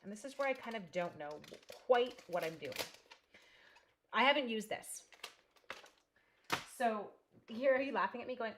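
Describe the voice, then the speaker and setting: A woman's voice: medium pitch, lively intonation, normal speed, pauses often, background noise. A chatty woman hosting a live crafting tutorial from a home craft room, thinking aloud and greeting viewers by name as she works. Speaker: crafting demonstrator.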